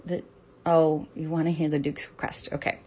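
A young woman reads a story aloud as part of an intimate audio role-play, her breathy voice halting and often sinking to a whisper. It sits low, with a level, warm tone.

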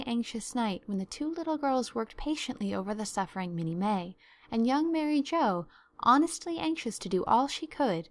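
Woman narrator for a classic novel, expressive, slightly high, dry close sound. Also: no room sound. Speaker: audiobook narrator.

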